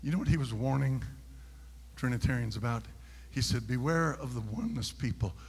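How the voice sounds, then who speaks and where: A male pastor preaching a sermon, telling a story quietly and then shouting his points. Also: medium pitch, a little fast, gravelly, slightly rough, long reverb tail.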